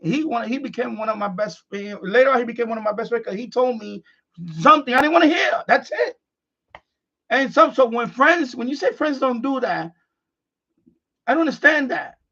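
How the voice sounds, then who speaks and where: A frustrated middle-aged man, talking bluntly and unscripted on a live stream, circling back over the same phrases. His voice sits high and has a gravelly rasp. The stream audio is dull and lo-fi. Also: a little fast, a bit bright. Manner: blunt, repeats phrases, restarts often.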